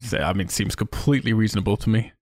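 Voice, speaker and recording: Fast-talking, swearing male podcast host. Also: lowish voice, darkish tone, dry recording, clean studio sound. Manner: fast, enthusiastic, swears freely. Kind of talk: casual chat.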